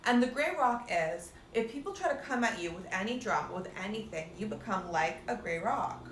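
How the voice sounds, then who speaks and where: A woman's voice: mid-range voice, expressive, normal speed, a bit bright, slight background noise. A woman life coach giving a casual spiritual pep talk, chatty and profane, full of "like" and calling her listeners "cuties". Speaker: life coach and meditation guide. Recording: roomy echo.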